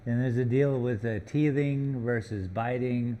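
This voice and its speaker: A man's voice: medium pitch, fairly even intonation, a little slow, hardly any pauses, dull audio. A man chatting casually on a live stream from a gallery workroom, joking around and teasing his puppy between comments.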